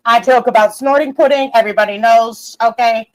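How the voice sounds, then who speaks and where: A young woman hosts a livestream and rants brashly, swearing, laughing and mocking sarcastically as she goes. Her voice is a little high and her pace moderate, and the audio quality is poor.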